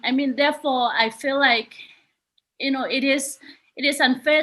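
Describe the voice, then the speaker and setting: A woman human rights activist from Myanmar, giving an earnest personal testimony over a video call, halting with many restarts. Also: a little high, sharp tone. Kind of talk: personal testimony in a virtual summit.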